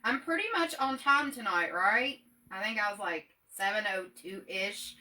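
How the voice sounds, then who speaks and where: A woman's voice: medium pitch, moderate pace, pushed and bright. A woman hosting a casual livestream from her home workspace, chatty, upbeat and self-deprecating. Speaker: livestream host. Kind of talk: casual live stream chat.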